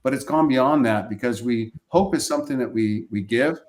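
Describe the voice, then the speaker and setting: Speaking at a normal speed in a medium-pitched, darkish voice, this chiropractor and practice coach shares emotional patient stories on a live webcast via video call. His casual storytelling circles back on itself and includes acted-out quoted voices.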